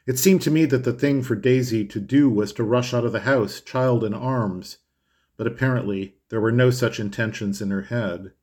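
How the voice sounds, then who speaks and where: A man narrating a classic novel in a measured, expressive way. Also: mid-range voice. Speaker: audiobook narrator. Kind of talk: scripted literary narration.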